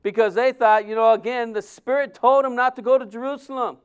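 A male pastor delivers a sermon in a conversational, emphatic way. His voice sits high for a man and sounds smooth and resonant. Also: steady tone, a little fast. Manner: conversational, emphatic, acts out quotes.

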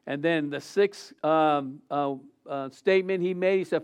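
A man's voice: fairly high pitch, steady tone, unhurried, few pauses, clean tone. A middle-aged man preaching a casual Easter sermon as pastor, rambling with many fillers and restarts, and his voice swells on quoted lines.

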